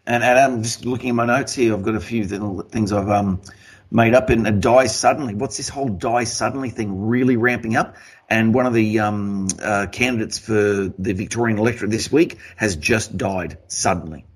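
A man's voice: lowish voice, moderate pace, breathy edge. An Australian man hosting a talk podcast, ranting emphatically and swearing as he talks. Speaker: podcast host. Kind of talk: casual conspiracy talk show.

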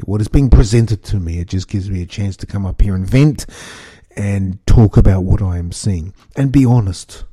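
A man's voice: on the low side, warm tone, no echo, studio quality. A man hosting a solo podcast, ranting angrily with repeated restarts and swearing. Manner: angry, repetitive, swearing, stumbling restarts. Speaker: podcast host.

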